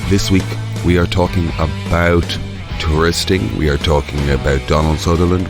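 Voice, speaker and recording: A man from Dublin with a Dublin accent, hosting a casual podcast and rambling with many fillers. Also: low-pitched. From Dublin, Ireland. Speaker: podcast host.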